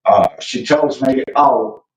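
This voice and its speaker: Guy venting on his stream, kinda low voice, cussing a lot, far off the mic, echoey and muffled. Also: unhurried, a little mellow. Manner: rambling, venting rant with frequent profanity and fillers. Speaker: livestream host. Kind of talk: casual livestream chat. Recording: roomy, distant, muffled lo-fi sound.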